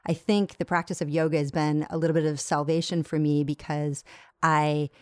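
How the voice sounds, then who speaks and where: A woman guest tells a long personal story in an animated way, stumbling and restarting as she goes. Her voice sits a little low for a woman. The recording is close and dry, with no room sound. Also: normal speed, no echo. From United States. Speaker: interview guest, yoga teacher. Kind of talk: storytelling in a conversation.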